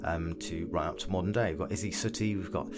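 A man's voice: low voice, fast talker, over loud music. A man hosting a podcast, giving a chatty, rambling introduction that keeps correcting itself. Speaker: podcast host.

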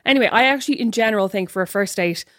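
A woman co-hosting a podcast, chatting casually in an animated, rambling, self-deprecating way. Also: medium pitch, very fast, no echo, studio quality. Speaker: podcast co-host.

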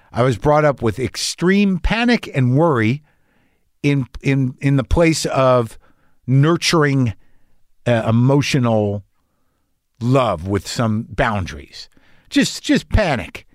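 A man's voice: fairly high pitch, no room sound, clean studio sound. A man telling a rambling, anxious story in a casual monologue, swearing and restarting often, as a podcast host.

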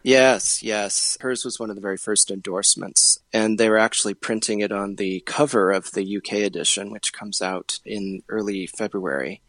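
A man's voice: fairly low pitch, fairly bright tone, dry recording. A man, an author, talking as a podcast guest, hesitant with frequent uhs and restarts. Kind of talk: interview conversation.

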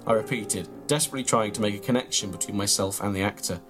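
Deadpan man telling a tall tale. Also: lowish voice, fast, over music. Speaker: comedian reading his own tall tale. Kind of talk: comic storytelling read aloud, then banter.

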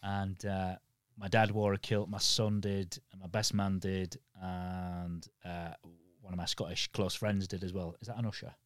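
Man, Yorkshire accent, low voice, dry close sound, blunt and sweary, podcast guest. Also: level tone, a little slow, no room sound. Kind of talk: casual conversation.

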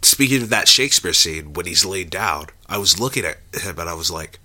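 A young man co-hosting a casual movie chat, laughing often and slipping into quick impressions. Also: low-pitched, expressive, sharp tone. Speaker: podcast co-host.

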